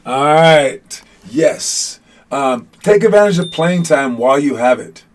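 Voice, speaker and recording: A man's voice: on the high side, expressive, slow pace, a little hiss or hum. A man hosting a casual basketball podcast, joking and teasing his chat with lots of restarts. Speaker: podcast host. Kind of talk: casual live-stream chat.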